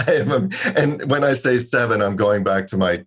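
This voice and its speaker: Man, podcast co-host, wry jokes, casual chat, mid pitch. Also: normal speed, slightly rough. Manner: wry, joking storyteller.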